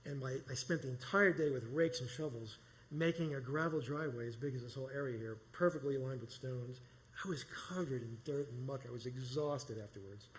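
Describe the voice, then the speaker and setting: A man's voice: medium pitch, a little fast, a little hiss or hum. A middle-aged man from New York telling a personal story live, rambling and conversational with many restarts. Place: small performance space.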